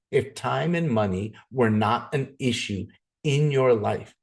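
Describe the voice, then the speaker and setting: Energetic man giving a sales pitch. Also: moderate pace. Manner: energetic, persuasive, repeats words when excited. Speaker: presenter. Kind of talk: sales presentation.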